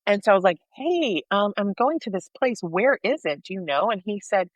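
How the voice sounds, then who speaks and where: Animated woman telling a personal story. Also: medium pitch, moderate pace, hardly any pauses, no echo. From United States. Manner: animated storyteller, acts out dialogue. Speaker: podcast co-host sharing her faith story.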